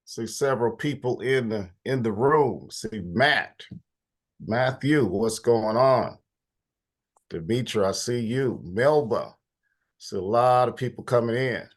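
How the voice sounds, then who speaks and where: A man's voice: mid-range voice, takes it slowly. A man hosting an online policy meeting in a casual, informal way, a little stuffy and congested. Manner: informal, greets attendees by name. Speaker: host of policy talk.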